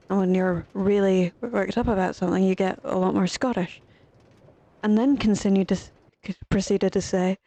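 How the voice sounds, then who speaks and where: Slow-talking Irish woman, casual gamer. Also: mid-range voice, warm tone, dry recording, rough recording. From Ireland. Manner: rambling, swears freely. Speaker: streamer. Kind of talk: casual gaming chat.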